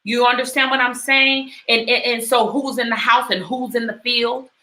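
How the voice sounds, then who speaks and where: A woman's voice: on the high side, steady tone, moderate pace, sharp tone, roomy sound, rough recording. A middle-aged woman hosting a talk, speaking with passion and retelling a story in repeated, emphatic phrases. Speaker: host. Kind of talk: personal commentary talk.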